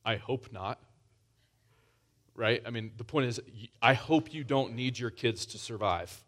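A man's voice: mid-range voice, unhurried, fairly bright tone. Conversational male preacher, restarts a lot. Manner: conversational, many restarts, rising emphasis. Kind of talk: sermon.

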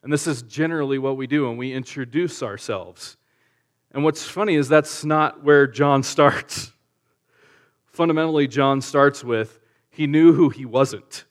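A male pastor preaching in a relaxed, conversational way, using slang and asking the audience rhetorical questions. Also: medium pitch, unhurried. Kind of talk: conversational sermon.

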